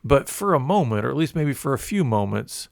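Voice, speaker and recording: Calm man co-hosting a podcast. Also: mid-range voice, brisk, vocal fry, no echo, studio quality. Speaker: podcast co-host. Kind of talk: casual podcast chat.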